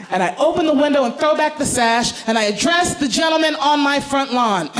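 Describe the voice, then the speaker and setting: A woman comedian telling a theatrical stand-up story on stage, now and then slipping into mock-grand speeches. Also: sits high. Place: comedy stage before a live audience. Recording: live room with crowd laughter. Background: audience laughter.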